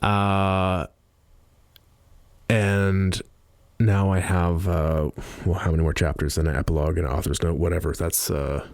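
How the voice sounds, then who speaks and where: A Canadian man with a notably low voice talks through a casual, rambling podcast monologue. He sits at a studio mic, and his voice sounds dry and close with no room sound around it. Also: darkish tone, no echo. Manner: rambling, loose and chatty. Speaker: podcast host. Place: recording studio. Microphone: studio mic with headphones on.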